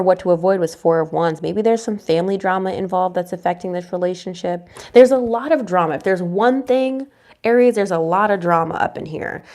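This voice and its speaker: A young woman with a lowish, slightly mellow voice does a relaxed, reassuring tarot reading. She's chatty throughout, softly murmuring her questions to the cards.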